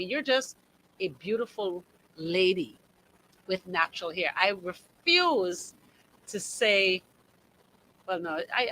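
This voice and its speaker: Bright-voiced Bahamian woman radio host. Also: mid-range voice, big pitch swings, measured pace, slight background noise, rough recording. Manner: emphatic and conversational, reads listener comments aloud. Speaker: radio talk show host. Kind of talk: call-in talk show monologue. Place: radio studio. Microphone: studio microphone.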